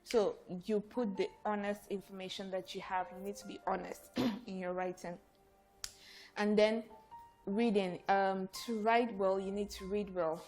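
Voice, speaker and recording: A woman's voice: mid-range voice, little pitch movement, measured pace, darkish tone, faint music behind. A woman trainer giving a conversational workshop talk to an audience. She restarts and repeats words as she goes.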